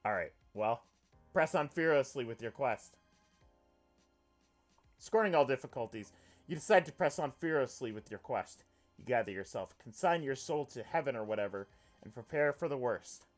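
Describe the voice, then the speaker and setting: Animated man reading game text aloud. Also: mid-range voice, normal speed, soft background music. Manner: animated and excitable, swears freely. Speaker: let's player.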